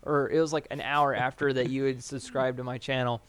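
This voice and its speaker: A young man co-hosting a podcast, telling stories in a rambling, animated way with lots of fillers. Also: mid-range voice, brisk, smooth. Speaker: podcast co-host. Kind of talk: casual chat.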